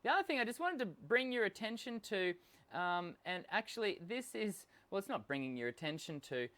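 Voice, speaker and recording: An Australian man with a high, sing-song, slightly bright voice hosts a live singing lesson at a brisk pace. He is unwell and coughs now and then while chatting and explaining, full of ums, fillers and restarts.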